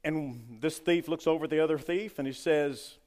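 A man preaching in a voice pitched a little high, swinging between fervent loud stretches and hushed passages. His voice carries a long reverb, as in a church hall. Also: moderate pace. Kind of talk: sermon.

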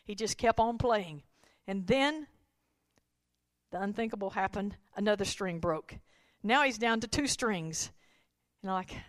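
Woman preacher, sermon, high voice, shouted climaxes, storytelling, dry sound. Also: normal speed, no room sound. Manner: builds to shouted, rhythmic climaxes, then drops to storytelling.

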